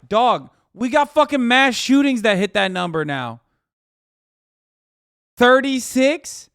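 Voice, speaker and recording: Profane, high-voiced male streamer. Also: clean tone, no room sound, clean studio sound. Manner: profane, animated, mocking. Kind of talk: reaction commentary.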